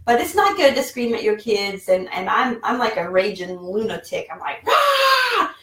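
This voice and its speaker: A woman's voice: medium pitch, animated, moderate pace, distant mic, a little hiss or hum. A woman in her forties chatting casually in a vlog from her home office, rambling with many fillers. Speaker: online seller and vlogger. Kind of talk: casual talking-head vlog. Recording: roomy echo, mic set back.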